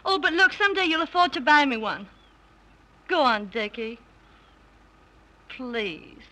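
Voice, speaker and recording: A woman's voice: high-pitched, big pitch swings, a little slow, sharp tone, heavily acted, poor audio. A coaxing spoiled rich girl. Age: young adult. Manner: coaxing, playful, pleading. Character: spoiled, headstrong rich young daughter in love. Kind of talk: early 1930s film acting.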